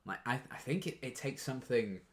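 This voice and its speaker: A man's voice: medium pitch, animated, a little fast. A young man chatting casually in a reaction video, rambling and gushing with restarts and fillers.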